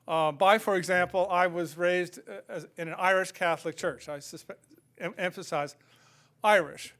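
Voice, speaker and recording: A man's voice: high-pitched, steady tone, moderate pace, a bit bright. Older American man giving a reflective lecture. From United States. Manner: reflective and conversational, with frequent fillers. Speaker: guest lecturer. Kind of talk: public lecture. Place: lecture hall.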